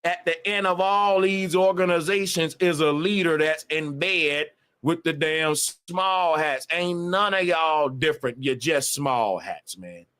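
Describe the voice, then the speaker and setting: A man's voice: a little high, measured pace, few pauses, a bit bright, clear, resonant tone. A man on a livestream, ranting emphatically with a lot of profanity and repetition. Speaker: live streamer. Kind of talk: casual livestream rant.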